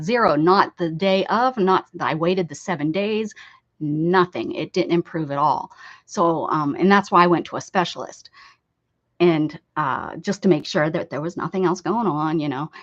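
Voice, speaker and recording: A woman's voice: deep voice, lively intonation, a little slow. A woman with an American accent chatting casually on an art live stream, rambling, laughing and answering viewer comments. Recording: slightly dull lo-fi stream audio.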